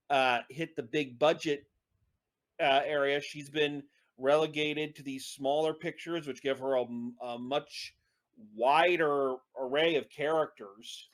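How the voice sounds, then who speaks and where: Guy on a movie podcast, bit high voice, rambles and restarts a lot. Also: fairly even intonation, unhurried. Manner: rambling, hesitant with many restarts. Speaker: podcast co-host. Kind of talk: casual movie review chat.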